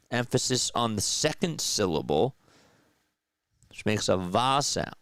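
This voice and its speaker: Male play-by-play host, casual and chatty, smooth clean voice, dry close sound. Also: on the low side, big pitch swings, a little slow, pauses often, a bit bright, no echo. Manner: casual, chatty, talks to viewers. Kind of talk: amateur play-by-play commentary with chat.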